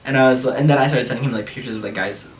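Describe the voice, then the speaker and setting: A chatty young man retells a story in a casual vlog, gossipy and quick to leap up in pitch when he quotes himself. He sits back from the mic, so the room rings around his voice. A faint hiss sits under it all. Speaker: vlogger. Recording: roomy sound from a distance, faint noise.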